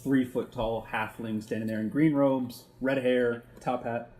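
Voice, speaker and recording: A man narrating a tabletop game as game master in a relaxed, improvised way. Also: medium pitch, a little slow.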